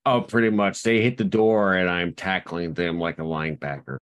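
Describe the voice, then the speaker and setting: A man's voice: deep voice, steady tone, normal speed, dull audio. A man co-hosting a podcast, telling rambling anecdotes full of restarts in casual chat. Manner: rambling storyteller, lots of restarts. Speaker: podcast co-host.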